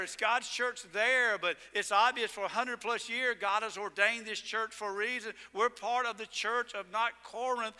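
A male pastor preaching a sermon in a church, telling stories in an animated way and hitting words with sudden loud emphasis. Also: sits high, smooth. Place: church sanctuary. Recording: long reverb in a church sanctuary.

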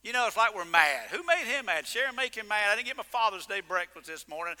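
A man preaching a sermon as pastor, animated and exclaiming, joking with his congregation. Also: high voice, quick pace, hardly any pauses. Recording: long reverb of a large hall.

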